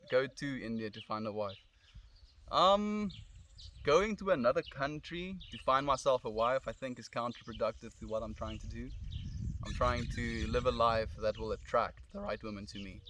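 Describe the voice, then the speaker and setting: A young South African man, speaking at medium pitch with a South African accent, chats casually on a live stream from his phone, seated under a tree in the sun. He replies to comments in a friendly, reflective, easygoing way and calls viewers "friend." Slight background noise is present.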